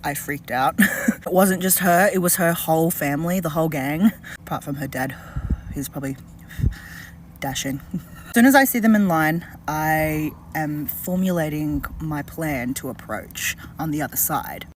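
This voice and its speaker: A woman casually recounting a story in a chatty, gossipy way, sometimes lowering her voice. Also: normal speed, slight background noise. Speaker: commentator. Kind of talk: casual commentary.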